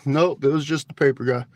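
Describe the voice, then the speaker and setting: Laid-back slow-talking man livestreaming. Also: a little high, a little mellow. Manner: laid-back, joking, swears freely, talks to chat. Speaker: livestream host. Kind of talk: casual livestream chat with viewers. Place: outdoors at night near a store parking lot. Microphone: phone camera.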